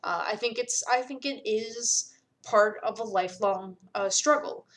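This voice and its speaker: A woman's voice: a little high, a bit bright. Candid young woman game developer. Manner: candid, halting, with fillers and pauses. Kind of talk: casual commentary.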